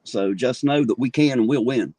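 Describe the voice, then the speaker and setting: A man's voice: mid-range voice, moderate pace, mellow, dry recording. A man, ranting angrily and with plenty of swearing on a street livestream, talking into his phone outdoors. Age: 40s. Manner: profane, fired-up ranting. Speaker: livestream host. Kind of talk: angry street livestream rant.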